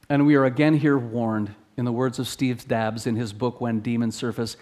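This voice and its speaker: A man's voice is steady and a little mellow as he preaches an expository sermon at normal speed, earnestly teaching. He often restarts phrases and rises in pitch when reading scripture aloud.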